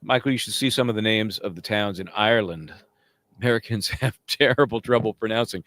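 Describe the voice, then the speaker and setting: Man, live stream host, chatty and meandering, deep voice, dry sound. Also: fairly quick, fairly bright tone, no echo. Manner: rambling, chatty, reads out viewer comments. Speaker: livestream legal commentator. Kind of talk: casual live stream chat. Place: outdoors near a courthouse.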